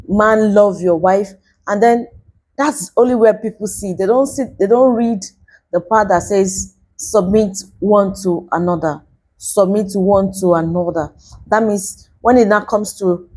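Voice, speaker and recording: A woman's voice: medium pitch, warm tone, breathy edge. A young Nigerian woman from Nigeria, earnestly preaching to camera in a casual way and repeating points for emphasis. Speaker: vlogger.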